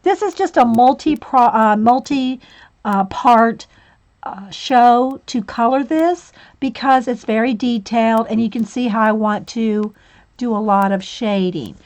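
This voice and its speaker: A woman's voice: fairly high pitch, measured pace, darkish tone. Giggly, chatty woman teaching coloring. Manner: chatty, giggly, with frequent fillers. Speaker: coloring channel host. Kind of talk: casual livestream tutorial.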